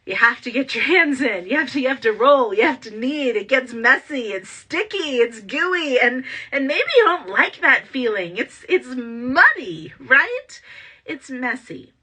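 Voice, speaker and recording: A woman hosting a motivational talk, energetic and full of rhetorical questions. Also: high voice, measured pace, breathy edge. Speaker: podcast host and entrepreneur coach.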